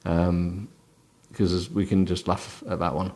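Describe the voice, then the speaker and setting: A man's voice: deep voice, flat delivery, slow pace, a little mellow. A tired man reading a book aloud with sarcastic, mocking asides. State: tired, sleepy. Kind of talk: comic book reading with running commentary.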